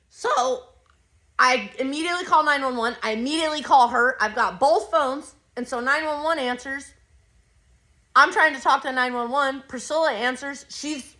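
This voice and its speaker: A woman's voice: on the high side, moderate pace, pushed and bright. A woman hosting a podcast, telling a personal story in a blunt, rambling way full of swearing. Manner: blunt, profane, rambling retelling. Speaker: podcast host.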